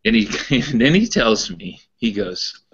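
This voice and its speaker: A man's voice: lowish voice, big pitch swings, unhurried, a bit bright, breathy edge. A man co-hosting a wrestling podcast in casual chat, a rambling storyteller who repeats his words. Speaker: podcast co-host. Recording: dull lo-fi podcast audio.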